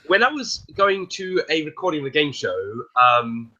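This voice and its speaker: Bright, lively chatty man. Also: fairly high pitch, moderate pace, highs cut off. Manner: storytelling, chatty. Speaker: co-host. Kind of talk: casual watchalong commentary.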